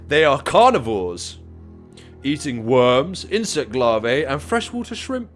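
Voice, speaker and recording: A man's voice: mid-range voice, sing-song, measured pace, faint music behind. A young man co-hosting a casual comedy chat. He reads animal facts aloud, riffs on them and swears often. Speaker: podcast co-host.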